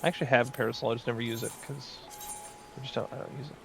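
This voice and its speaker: A man chatting his way through an online game session, rambling and filling gaps with asides. His pitch sits in the middle range. Soft game music plays behind him. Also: fairly even intonation, rapid-fire, creaky. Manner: rambling, chatty, many fillers. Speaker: gaming video host. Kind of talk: casual gameplay commentary.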